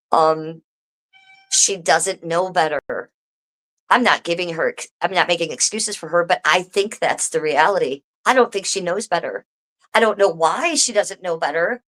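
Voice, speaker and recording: A woman's voice: fairly low pitch, measured pace. A woman live streaming from home, talking straight to her viewers in a casual, swearing rant. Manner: swearing, animated, talks to viewers directly.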